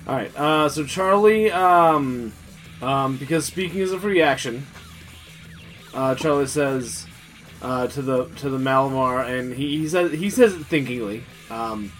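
A man playing a tabletop role-playing game, talking haltingly with many fillers. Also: medium pitch, expressive, fairly bright tone, soft background music. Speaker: player.

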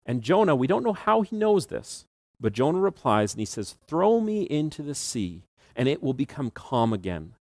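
A male pastor preaching a sermon, retelling the story in a relaxed, conversational way with occasional laughs. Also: mid-range voice, moderate pace, no echo.

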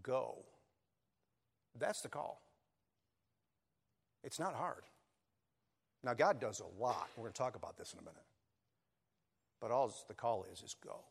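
Earnest pastor preaching in a reverberant hall. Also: male voice, medium pitch, lively intonation, normal speed, vocal fry, pauses often, husky. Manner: earnest, building to emphatic peaks. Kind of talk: sermon. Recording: long reverb of a church hall.

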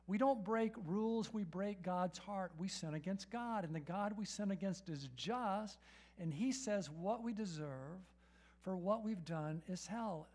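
High-voiced man preaching a sermon. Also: measured pace. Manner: emphatic, asks the audience questions and repeats "right?"; rises to loud, urgent peaks and drops to soft, intimate tones.

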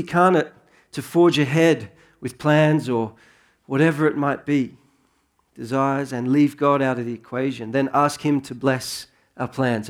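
A man in his thirties preaching a sermon in a relaxed, conversational way that rises into earnest emphasis. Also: medium pitch. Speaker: pastor.

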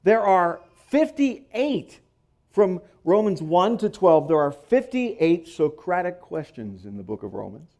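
A man preaching a teacherly sermon, unhurried and deliberate. His voice sits a little high for a man yet sounds dark and mellow. He reads scripture with heavy, emphatic stress and tosses in playful asides. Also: lively intonation. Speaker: pastor.

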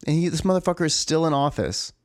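A man's voice: a little high, animated, fast talker, no room sound, clean studio sound. A man in a profane, exasperated, rambling rant, full of restarts and asides. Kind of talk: ranting monologue.

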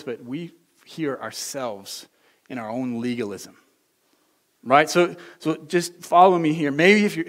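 Male pastor, earnest, conversational sermon full of rhetorical questions. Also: medium pitch.

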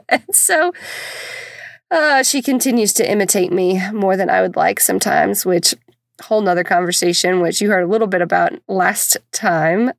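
Speaking in a mid-range voice with some vocal fry, this mother of four and podcast host rambles through stories about her children, sounding exasperated and poking fun at herself. The recording is dry.

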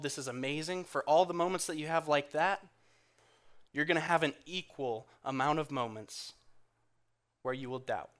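A man preaching in a church, earnest and conversational, going quiet and soft when he quotes others. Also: a little high. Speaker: guest speaker in church. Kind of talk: sermon.

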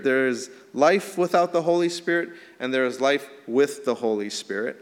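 Man, pastor, sermon, mid-pitched voice, emphatic then hushed, long hall reverb. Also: moderate pace, few pauses. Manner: earnest preaching, rising emphatic then dropping soft.

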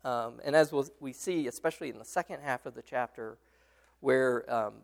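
A man's voice: mid-range voice, moderate pace, creaky. A man leading a Bible study discussion, explaining a passage with many fillers and restarts and answering his students. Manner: explains patiently, responds to students.

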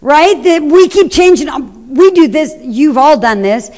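A woman's voice: sits high, animated, measured pace, a little mellow. Middle-aged woman preacher, conversational storytelling sermon, long hall echo. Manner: conversational, anecdotal, addresses the congregation. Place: church hall. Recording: echoey hall reverb.

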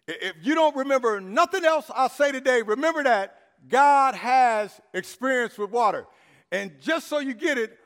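A man preaches with a strikingly high voice, stammering through fillers before hammering his key phrase over and over. His loudest lines ring out. The sound carries a long echo, as in a big hall. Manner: repetitive call-and-response preaching, rising to shouts. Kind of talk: sermon.

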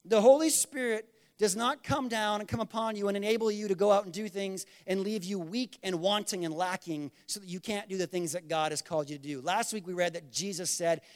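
A man's voice: high-pitched, fairly quick. A man preaching a conversational sermon, acting out little quoted exchanges and asking the congregation to respond. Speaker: pastor.

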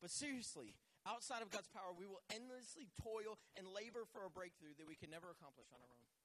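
Delivering a sermon in a fast, fairly bright, high-sitting voice with lively intonation, a male pastor jokes at his own expense and invites the congregation to respond aloud.

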